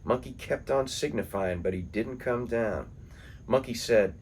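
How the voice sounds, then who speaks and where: A man reads poems and folktales in a slow, unhurried voice with a middle pitch. His storytelling is calm and measured, with a faint hiss behind him. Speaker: poetry reader. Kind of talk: calm poetry and folktale reading.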